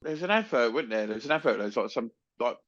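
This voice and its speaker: Male podcast co-host, playful sweary quips, lively pitch, dull lo-fi recording. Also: quick pace. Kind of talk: casual banter over drinks. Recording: dull lo-fi sound.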